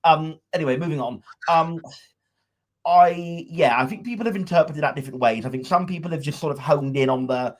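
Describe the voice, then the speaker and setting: A man's voice: on the high side, brisk. A man co-hosting a casual podcast from a room at home. He talks in a wry, opinionated way, rambling with many restarts. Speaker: podcast co-host.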